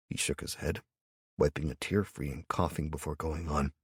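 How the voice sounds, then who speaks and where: In a low, husky voice, a man narrates a first-person audiobook with a blunt, sardonic tone. His intonation is fairly even and his pace moderate. The sound is dry and close, with no room or echo around it.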